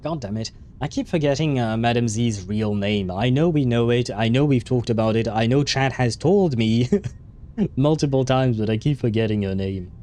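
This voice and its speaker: A man's voice: medium pitch, moderate pace, warm tone, slight background noise. A man streaming a game, chatting along in a rambling way and often chuckling. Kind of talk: casual let's play commentary.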